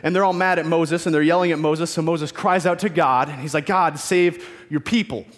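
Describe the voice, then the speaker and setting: A man's voice: on the high side, fairly even intonation, a little fast, big-room sound. A man preaching a sermon, retelling scripture in casual modern speech and voicing the figures in it.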